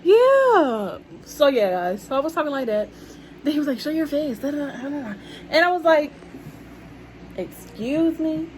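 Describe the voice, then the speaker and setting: A woman's voice: high voice, very animated, normal speed, slight background noise, low-quality recording. A young woman chatting casually to her viewers about her life, calling them y'all. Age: young adult. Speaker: vlogger telling a story. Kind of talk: casual storytime chat.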